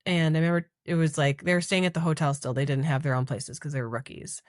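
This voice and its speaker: A woman's voice: deep voice, steady tone, quick pace, dry recording, studio quality. A woman in her thirties from Minnesota, a podcast guest casually telling a personal story with lots of "like" fillers. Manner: chatty, heavy use of "like" fillers.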